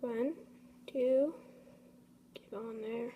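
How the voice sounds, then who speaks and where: A woman's voice: high voice, fairly even intonation, slow, phone-quality sound. A young woman hosting a casual craft tutorial, chatty and apologetic, talking to her materials as she works. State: a bit out of breath. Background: faint storm noise.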